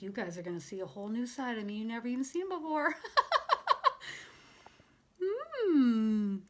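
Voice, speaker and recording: An emotional woman medium speaks during a live channeling session. Her voice moves from excited, laughing bursts to soft, hushed passages, and at times she sounds close to tears. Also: medium pitch. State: near tears. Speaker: spiritual medium.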